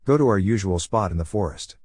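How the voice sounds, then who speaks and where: A man as a gentle patient spirit mentor. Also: low voice, expressive, a little fast, husky, no room sound, studio quality.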